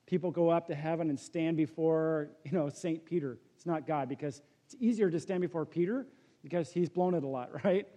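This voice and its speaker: A man preaching a sermon as pastor, telling a joke story and then dropping to a hushed, earnest tone. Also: fairly high pitch, a little fast. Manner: storytelling with jokes, swings from loud to hushed.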